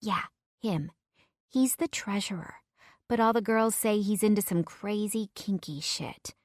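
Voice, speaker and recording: A woman's voice: medium pitch, unhurried, a bit bright, no room sound, studio quality, pitched above the performer's own voice, close to an everyday voice. Bubbly young party girl, voiced by a woman. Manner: eager, chatty.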